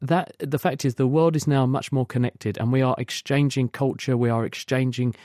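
A man's voice: medium pitch, fairly even intonation, normal speed, a little mellow, dry recording, studio quality. A man explaining science on a radio call-in show, patiently and at length. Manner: explains patiently in long spoken sentences with restarts. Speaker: science expert guest.

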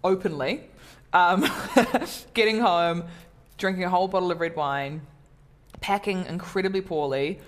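A woman's voice: on the low side, measured pace. A woman comedian chatting casually in an interview, talking in a self-deprecating way with many fillers and restarts. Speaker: comedian guest.

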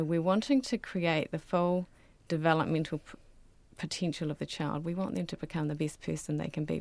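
Speaking as a guest expert on child-rearing, a woman answers interview questions earnestly and explains things carefully, dropping into quiet voices whenever she quotes parents. Her voice sits low and creaky, with no room sound.

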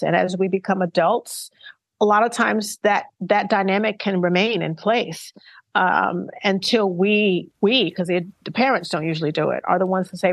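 A middle-aged woman being interviewed, talking in a thoughtful, earnest and measured way. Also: medium pitch, no room sound, low-quality recording. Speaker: interviewed singer. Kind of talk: reflective interview talk.

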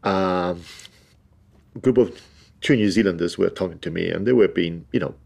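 A middle-aged man, a father and immigrant, telling an anecdote in an animated way and acting out the people in it. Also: deep voice, normal speed, vocal fry, breathy edge. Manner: animated, acts out voices, says mate. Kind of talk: anecdotal storytelling.

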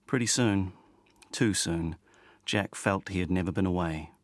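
A man narrating a novel in a measured, steady way. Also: deep voice, no room sound, studio quality. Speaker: audiobook narrator. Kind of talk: scripted narration.

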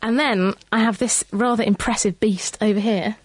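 A woman's voice: mid-range voice, steady tone, normal speed, dry recording, soft background music. A woman co-presenting on radio, chatty and upbeat as she demonstrates instruments in the studio.

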